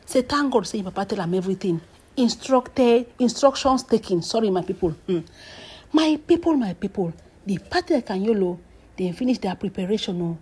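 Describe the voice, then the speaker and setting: Husky Nigerian woman dishing dramatic gossip. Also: fairly high pitch, darkish tone. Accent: Nigerian Pidgin English. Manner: emphatic, drawn-out phrases, whispered asides, sudden exclamations. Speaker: celebrity gossip commentator.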